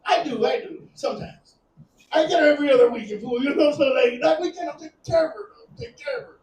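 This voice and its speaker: Man, thirties, stand-up comic, very high voice, breathless, crude and rambling, echoey club from a distance. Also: fast talker, darkish tone, slight background noise. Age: 30s. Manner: crude, rambling, laughing at his own jokes. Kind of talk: stand-up comedy set. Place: comedy club stage.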